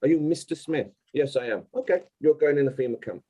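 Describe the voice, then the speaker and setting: A man's voice: a little high, brisk, dark tone, rough recording. A man speaking as an interview guest, explaining insistently and step by step.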